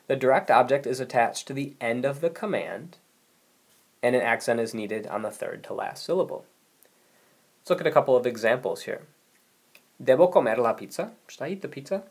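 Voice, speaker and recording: Male teacher, mid-pitched voice, patient explainer for a recorded video lesson. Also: gravelly, husky. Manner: patient, explanatory, reads example sentences aloud. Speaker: language teacher.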